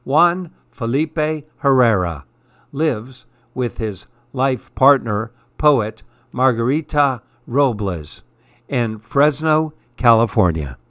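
A man reading a children's picture book aloud in a calm, measured storytelling way. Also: mid-range voice, no room sound.

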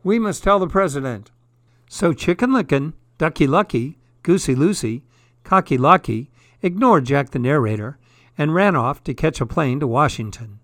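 A man reading comic, twisted fairy tales aloud in a deadpan, wry storytelling manner. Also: on the high side, moderate pace, no echo, clean studio sound.

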